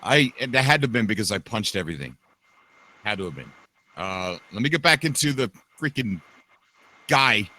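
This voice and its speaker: A man hosting a casual live podcast, excitable and quick to raise his voice. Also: fairly low pitch. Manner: excitable, animated, quick to shout. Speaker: podcast host. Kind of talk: casual livestream chat.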